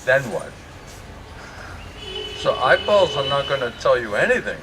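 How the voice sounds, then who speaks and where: Jovial monk, far from the mic. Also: male voice, mid-range voice, very animated, measured pace. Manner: joking, chatty, laughs often. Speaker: monk giving a morning scripture class. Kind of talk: conversational sermon. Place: temple class in India. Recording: distant mic with noisy ambience.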